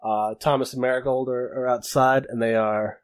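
A man in the game master's seat, narrating scenes in a loose, casual way. He stops and restarts often and fills the gaps with ums. His voice sits at an everyday middle pitch. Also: little pitch movement. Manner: halting, many fillers and restarts.

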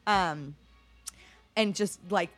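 Candid, lower-voiced middle-aged woman bartender. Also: drawn-out words, faint music behind. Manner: candid, profane, heavy use of "like". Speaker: bartender guest. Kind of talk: casual interview storytelling.

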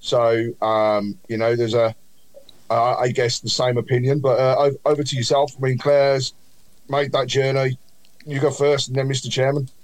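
A man's voice: medium pitch, level tone, moderate pace, no echo, rough recording. A man co-hosting a casual football podcast, steering the talk hesitantly with ums and restarts. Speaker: podcast co-host.

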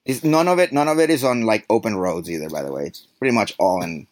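A man's voice: lowish voice, expressive, quick pace, no room sound. A middle-aged man hosting a podcast in casual, rambling chat, joking as he goes. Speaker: podcast host.

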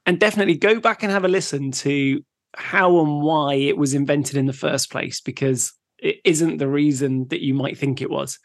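Male podcast co-host from England, relaxed and chatty, slightly high voice. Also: moderate pace, vocal fry, dry recording, studio quality. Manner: relaxed, laughs easily, recaps facts. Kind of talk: casual chat.

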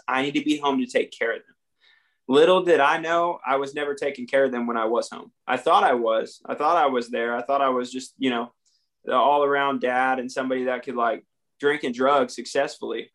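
A man's voice: mid-range voice, a bit bright. A young man with a drawl, a podcast guest candidly telling his own story in plain, earnest speech and acting out the lines he once said. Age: young adult. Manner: earnest, plain-spoken, acts out his own past dialogue. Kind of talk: candid storytelling about addiction recovery.

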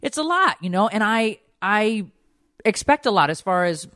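A woman's voice: mid-range voice, big pitch swings, moderate pace, fairly bright tone, dry recording. Candid, rambling woman on a dry mic. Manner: candid, rambling, swears freely, heavy use of "like". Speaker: podcast host. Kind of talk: casual chat.

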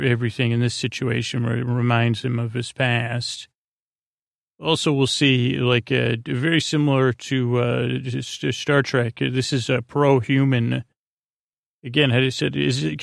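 A man's voice: mid-range voice, vocal fry, no room sound, clean studio sound. A man hosting a podcast, recapping an episode in a meandering way full of fillers and restarts, meant for falling asleep to. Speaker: podcast host. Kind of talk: rambling episode recap for sleep.

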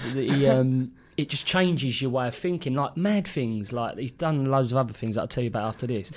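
A man's voice: mid-range voice, animated, a little fast, few pauses. A man telling a funny story in casual podcast chat. He acts out other people's voices and laughs often. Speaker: podcast co-host. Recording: noisy podcast recording.

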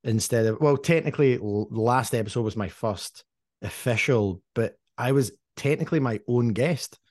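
A man's voice: medium pitch, moderate pace, darkish tone, dry recording. Jokey podcast co-host guy, pokes fun at himself, super dry close mic. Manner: jokey, self-deprecating. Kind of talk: casual podcast chat.

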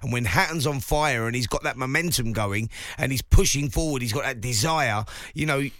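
A man with a bright, forceful voice walks through the fight, punching out short phrases as he describes it. The sound is dry and close to the mic. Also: medium pitch, no echo. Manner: emphatic, breaks down the action in quick bursts. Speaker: boxing pundit, co-host. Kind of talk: casual sports chat.

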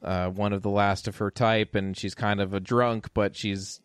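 A man casually reviewing a film with a friend, animated, laughing often and swearing. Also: on the low side, moderate pace, smooth, dry recording, studio quality. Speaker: podcast co-host. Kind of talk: casual movie review chat.

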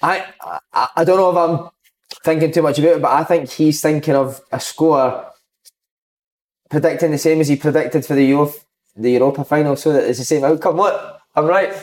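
Fast-talking man, teasing banter. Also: fairly high pitch, steady tone, roomy sound, poor audio. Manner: teasing, quick and chatty. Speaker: podcast co-host. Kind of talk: casual banter.

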